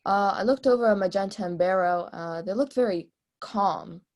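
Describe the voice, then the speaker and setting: A woman's voice: mid-range voice, normal speed, darkish tone, lightly acted. A woman playing a brash young female bank robber, testifying in a casual, streetwise, offhand way over a video call in a mock trial.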